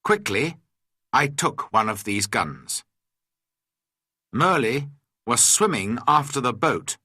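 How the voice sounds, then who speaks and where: A man slowly reading a graded story aloud for English learners, in an expressive, dramatic way. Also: mid-range voice, slightly rough, no echo, studio quality.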